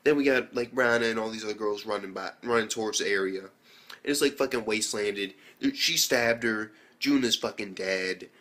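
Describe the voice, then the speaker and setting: A man's voice: fairly low pitch, normal speed, sharp tone. A man giving a rambling, profane spoken anime review, acting out characters' lines as he retells the episode.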